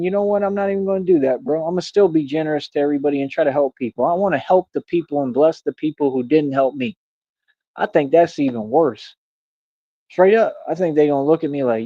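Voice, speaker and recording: A man's voice: on the high side, fairly quick, warm tone, no room sound. A young man rambling in a casual livestream, preachy and repetitive, calling the listener "man" and "bro". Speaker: streamer. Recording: dull, dry lo-fi stream audio.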